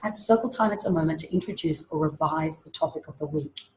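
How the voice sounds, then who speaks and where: A woman presenting an online teaching webinar, explaining classroom activities in a lively way and acting out examples. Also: sits low, a little fast, a little hiss or hum, rough recording. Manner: lively, demonstrates classroom voices and chants.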